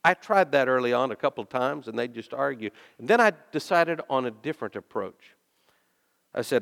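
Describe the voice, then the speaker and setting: A male pastor preaching a sermon and telling stories, dropping soft and then rising into loud, emphatic bursts. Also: mid-range voice, very animated, normal speed, creaky, pauses often. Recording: long reverb of a large hall.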